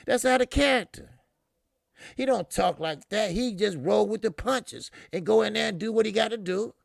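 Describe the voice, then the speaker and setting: A man's voice: fairly high pitch, gravelly, no room sound, studio quality. A middle-aged man hosting a casual boxing live stream, talking loosely with lots of swearing and fillers, answering viewers in the chat.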